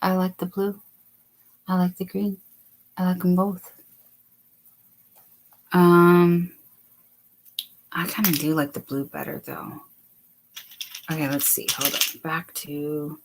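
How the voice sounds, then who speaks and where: Slow, chatty woman hosting a livestream. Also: mid-range voice, steady tone, dark tone, husky. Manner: chatty, reads viewer comments aloud, giggly. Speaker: crochet livestream host. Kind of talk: casual late-night livestream chat.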